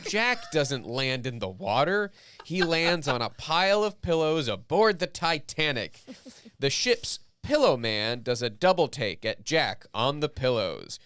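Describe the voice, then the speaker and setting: A man reading stage directions aloud in a comedic podcast table read, animated and often laughing. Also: fairly high pitch, a little slow, smooth, no room sound. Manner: bright, animated, laughing through lines. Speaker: podcast host reading a script.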